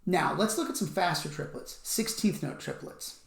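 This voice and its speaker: A man teaching music rhythm, explaining patiently and counting beats out loud. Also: on the high side, lively intonation, normal speed, gravelly. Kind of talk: instructional explanation with counting aloud. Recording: echoey room.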